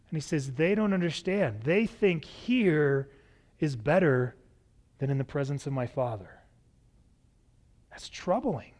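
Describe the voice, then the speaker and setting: Male pastor, sermon delivery, lively and expressive, slightly raised pitch. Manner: expressive, varied pace, acts out quoted lines.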